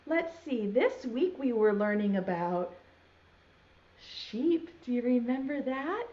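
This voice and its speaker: A young woman leading preschoolers through songs, talking slowly and encouragingly in a sing-song way. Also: fairly high pitch, animated, a little mellow, highs cut off. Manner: slow, sing-song and encouraging, using baby signs. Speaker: preschool teacher. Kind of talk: singing and teaching preschoolers.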